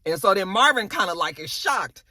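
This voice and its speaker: Lively, bright-voiced woman recapping a show. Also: medium pitch, normal speed, no room sound. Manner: animated, profane, acts out characters' lines. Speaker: TV show reviewer. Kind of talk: casual episode recap.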